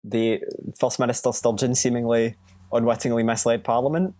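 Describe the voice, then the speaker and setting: A man's voice: mid-range voice, little pitch movement, moderate pace, warm tone, dry recording. Young man, podcast co-host, wry, joking, dry close sound, casual chat.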